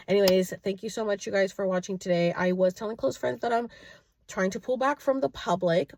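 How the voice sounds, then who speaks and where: A woman in her late thirties, casually telling a story to her followers, animated and chatty, acting out both sides of a conversation. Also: mid-range voice, fast. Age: 30s. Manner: chatty, animated retelling with quoted dialogue. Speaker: vlogger. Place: at home, indoors.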